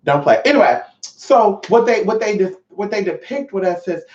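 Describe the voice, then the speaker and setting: This host speaks at normal speed in a medium, darkish voice, animated as she reads chat on her casual livestream. She is brassy and profane and calls her viewers honey, and her mic sounds dull, distant, roomy, and lo-fi.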